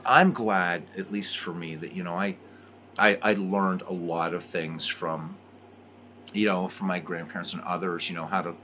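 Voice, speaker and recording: This is a man talking casually on a stream, drifting from one animated story to the next. His voice sits fairly low but carries a bright, forceful tone. There is a faint hiss behind him. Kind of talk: casual chat while playing.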